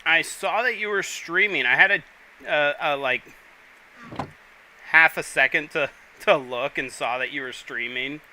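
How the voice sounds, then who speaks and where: A man's voice: on the high side, a little slow, pauses often, bright, forceful tone, a little hiss or hum, low-quality recording. A man hosting a casual gaming livestream, chatting and rambling to viewers while he plays. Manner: chatty, rambling, talks to chat while playing. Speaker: livestream host.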